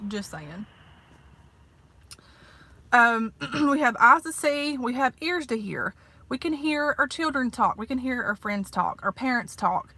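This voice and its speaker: Southern lady in her 30s vlogging from her car, bright voice, folksy, says honey a lot. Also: fairly high pitch, expressive, a little slow. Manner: chatty and folksy, peppered with "honey" and "like". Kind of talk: casual eat-with-me vlog chat. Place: parked car.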